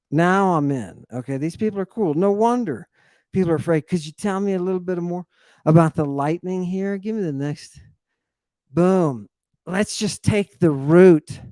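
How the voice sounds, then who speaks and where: A man's voice: fairly high pitch, dark tone, no echo. Emphatic, sardonic man lecturing on Greek. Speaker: classics teacher and podcast host. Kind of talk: lecture on Greek word roots.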